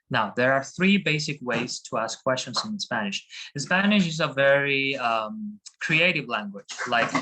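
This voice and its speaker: A teacher giving a Spanish lesson to students, patient and encouraging, explaining slowly with frequent fillers. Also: male voice, medium pitch, bright, forceful tone, poor audio. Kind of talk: online class teaching.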